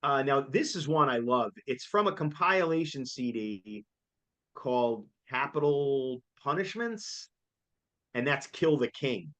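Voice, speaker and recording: A man, chatting casually as co-host, excitable and jokey and laughing often. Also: mid-range voice, unhurried. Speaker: co-host reviewing a concert. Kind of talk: casual chat.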